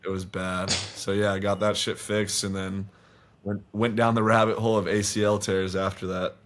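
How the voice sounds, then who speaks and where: A man's voice: on the low side, flat delivery, normal speed, a bit bright. A young man in his twenties, a podcast guest telling a long story in a casual, rambling way full of swearing. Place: podcast studio.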